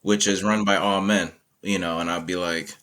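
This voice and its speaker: Bright-toned man telling lively stories. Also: low-pitched, normal speed. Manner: animated, laughing, acts out quotes. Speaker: community educator, guest. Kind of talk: conversational storytelling.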